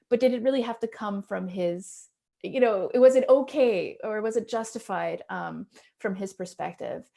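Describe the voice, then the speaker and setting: A woman's voice: fairly high pitch, creaky, mellow. A woman educator giving a seminar presentation, telling a classroom story in a thoughtful way with frequent ums and restarts. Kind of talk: conference presentation.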